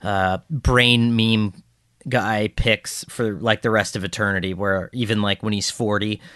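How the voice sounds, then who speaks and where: A man's voice: on the low side, steady tone, a little slow, fairly bright tone, no echo, clean studio sound. A man co-hosting a football podcast in casual, joking chat, rambling with plenty of fillers. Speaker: podcast co-host.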